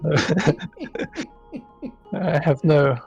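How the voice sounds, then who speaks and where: Dry, gravelly man being interviewed. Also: fairly high pitch, drawn-out words, highs cut off, soft background music. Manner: dry, deadpan humor, laughs often. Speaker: interview guest, asset developer. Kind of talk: casual live-stream interview.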